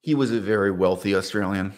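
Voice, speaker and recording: A man's voice: low voice, fast talker. A man talking to camera in a casual, unscripted monologue, rambling with restarts and asides. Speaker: video essayist.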